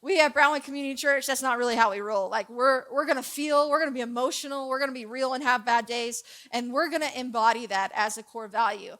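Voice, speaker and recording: A young woman gives a relaxed church sermon, full of stories and asides to her listeners. Her voice sits high and comes across bright and clear. She talks in a loose, jokey storytelling way. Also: fast, hardly any pauses. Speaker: preacher.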